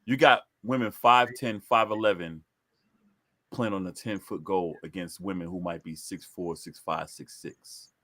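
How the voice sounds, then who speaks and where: A man's voice: deep voice, fairly even intonation, measured pace, pushed and bright. A man co-hosting a casual podcast chat about sports, repeating himself to press his points. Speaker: podcast co-host.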